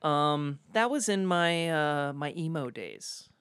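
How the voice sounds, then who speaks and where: A podcast host in their thirties from Seattle, chatting casually, rambling and giggling, sometimes bursting into loud squeals. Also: medium pitch, animated, takes it slowly, smooth, dry recording, studio quality.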